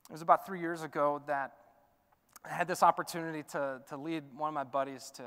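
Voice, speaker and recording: A man preaching a sermon as pastor, swinging from loud urging to a soft hush. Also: fairly high pitch, fairly even intonation, fairly quick, clean tone, big-room sound. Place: church sanctuary.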